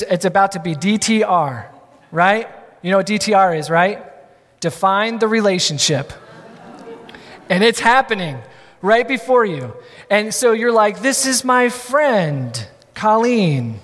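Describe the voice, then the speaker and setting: A man's voice: high voice, a bit bright, big-room sound. A man preaching a sermon as a pastor, conversational and repeating key lines for emphasis.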